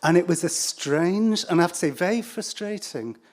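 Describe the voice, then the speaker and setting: An English man telling a true story on stage in a wry, self-deprecating way, halting with fillers and restarts. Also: high-pitched, animated. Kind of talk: live storytelling.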